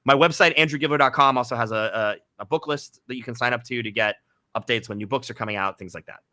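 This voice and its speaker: A man's voice: mid-range voice, fast talker, sharp tone, dry recording, clean studio sound. A man being interviewed about his writing, talking casually with many fillers and restarts. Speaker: guest author.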